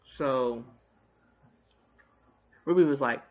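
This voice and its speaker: A man with a gravelly, creaky voice gives a casual, profanity-laced recap of a TV episode. He talks in loose slang and tosses in blunt opinions as he goes. The recording sounds dull and lo-fi. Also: medium pitch, steady tone. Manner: profane, slangy retelling with quick asides. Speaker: TV episode reviewer.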